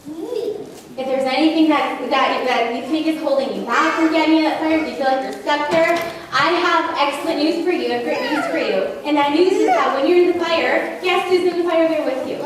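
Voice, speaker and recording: High-voiced woman preaching in an echoey church. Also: moderate pace, background noise. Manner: pleading, emotional, builds with repetition. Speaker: guest preacher. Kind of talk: sermon. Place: church sanctuary. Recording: echoey church hall from far off, congregation audible.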